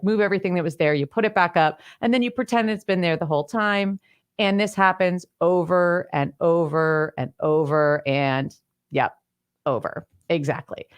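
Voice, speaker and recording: A middle-aged woman coaching on clutter in a solo teaching talk, explaining step by step with everyday examples and acting out quoted lines. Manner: acts out quoted lines with bigger pitch swings. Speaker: decluttering coach.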